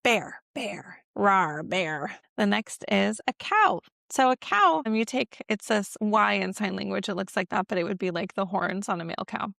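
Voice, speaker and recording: A woman's voice: medium pitch, lively intonation, moderate pace, vocal fry, few pauses, fairly bright tone, dry recording, studio quality. A woman in her thirties teaching baby sign language at home, slipping into sing-song baby talk to model each sign. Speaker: parenting educator.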